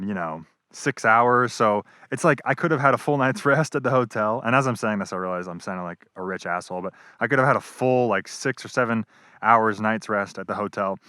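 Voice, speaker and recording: A man's voice: fairly low pitch, bright, forceful tone, no echo, studio quality. A young man telling a casual travel vlog story, rambling and swearing freely, with lots of "like" and "um". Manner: rambling, profane, full of fillers. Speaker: travel vlogger. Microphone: wireless clip-on mic.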